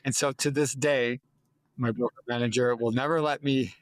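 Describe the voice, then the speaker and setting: A man's voice: medium pitch, normal speed, dry recording. A man in his sixties, a real estate agent telling a story as an interview guest, acting out dialogue with a lifted voice. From United States. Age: 60s. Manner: lively, acts out dialogue in a raised voice.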